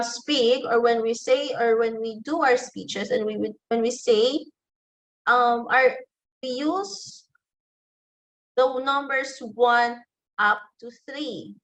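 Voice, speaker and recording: A woman teacher with a Filipino English accent gives an online lecture, taking her time over each point. Her voice sits fairly high, and she repeats example phrases slowly so students can follow. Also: rough recording. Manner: slow, deliberate, repeats example phrases aloud.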